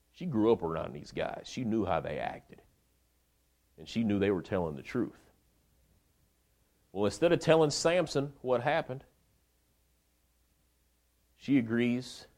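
A male preacher with a lowish voice retells a story in a chatty, colloquial sermon. He keeps it animated and conversational, and he addresses his listeners directly. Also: measured pace, long pauses.

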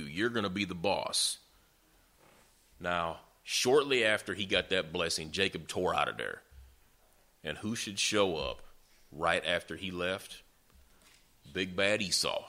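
A pastor preaching a sermon with folksy, emphatic storytelling. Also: male voice, deep voice, sharp tone.

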